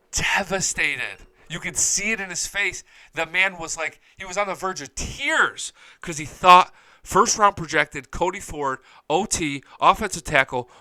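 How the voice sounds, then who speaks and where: A fired-up man hosts a live-streamed sports talk show, cursing freely and skipping between topics. His voice is bright and forceful, sits a little high, and comes through dry and close on a studio mic. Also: no room sound, rough recording. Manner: hyped, profane, jumps between topics. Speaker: sports podcast host.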